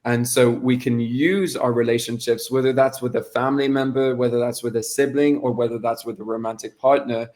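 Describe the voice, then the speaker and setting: A man's voice: mid-range voice, a little mellow. A man talking as a guest coach in a casual podcast conversation. He is emphatic and blunt and speaks in bursts of questions.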